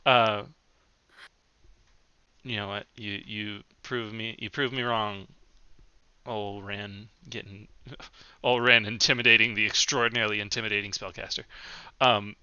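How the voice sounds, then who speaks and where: A man running a tabletop game as game master, relaxed and chatty, laughing easily between fillers. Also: lowish voice, measured pace, long pauses, smooth, dry recording, muffled recording.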